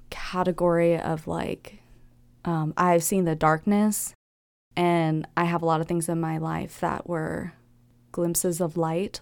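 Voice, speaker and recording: A young woman recounts her past in an interview, candid and reflective, her slightly low voice carrying a gravelly edge. The sound is close and dry with no room around it. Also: a little mellow, dry recording. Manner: candid, reflective, with quick laughs and acted-out quotes. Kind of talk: personal life-story interview.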